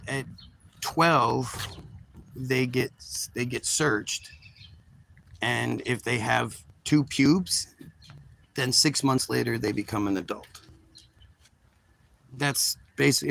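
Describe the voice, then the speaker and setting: A man's voice: mid-range voice, slow pace, creaky, pauses often, a bit bright, low-quality recording. A man hosting his own video, giving emphatic, rambling commentary to viewers with many repeated restarts. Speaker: video host.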